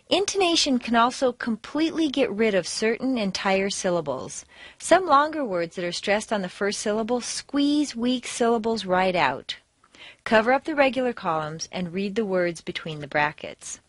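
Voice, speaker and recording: An American woman reads a pronunciation drill, giving each word its own slow, exaggerated stress. Her pitch climbs and falls widely over the syllables. The voice is a little breathy and sits close and dry on the mic. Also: very animated, no echo. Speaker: pronunciation teacher.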